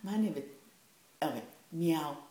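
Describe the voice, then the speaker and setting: Low-voiced older woman telling family stories. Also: measured pace. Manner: animated, acts out voices, laughs often. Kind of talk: casual family storytelling. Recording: echoey room, faint hiss.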